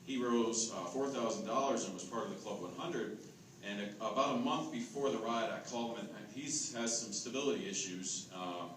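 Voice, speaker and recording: A man telling a lively, chatty story as captain of a charity ride team. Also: fairly low pitch, fairly quick. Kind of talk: casual storytelling to a camera. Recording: echoey, distant, noisy crowd.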